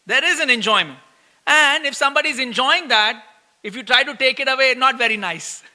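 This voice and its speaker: A middle-aged man giving a lively sermon, often asking listeners "right?" and acting out complaints. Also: extremely high pitch, fairly quick. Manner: lively storytelling, acts out quoted complaints, laughs often; asks listeners "right?" again and again. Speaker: preacher giving a scripture class. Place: temple hall. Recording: long hall reverb.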